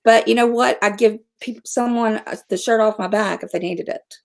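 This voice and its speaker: A middle-aged woman chats on her livestream in a blunt, outspoken way. She swears without a second thought and laughs easily, and her voice sits a little high. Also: moderate pace, vocal fry. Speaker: livestream host. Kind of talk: casual livestream chat.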